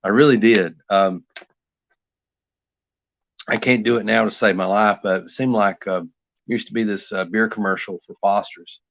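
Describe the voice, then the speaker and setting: Laid-back guy with a low voice, chatting to himself while drawing on stream, dull dry audio. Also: steady tone, normal speed, gravelly, long pauses, a bit bright, no echo. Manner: rambling, easygoing, talks to himself while working. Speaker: artist streaming a drawing session. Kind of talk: casual chat while drawing live.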